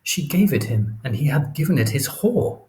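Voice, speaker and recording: A man reading the lines of a cunning, scheming male villain in an audiobook, in a calm, insinuating way. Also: a little high, normal speed, pitched above the performer's own voice, low-quality recording.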